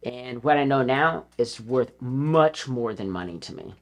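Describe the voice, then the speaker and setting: A middle-aged former pro skater, guesting on a podcast, speaks into a studio mic in a medium-pitched, animated, unhurried voice. He rambles casually, swearing often, restarting sentences and laughing.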